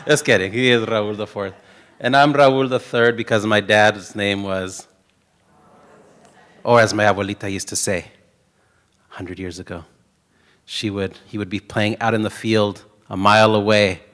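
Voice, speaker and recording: A man's voice: lowish voice, unhurried, pauses often, a bit bright, in a large hall. A middle-aged man giving a conference keynote talk, a joking, rambling storyteller. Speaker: keynote speaker.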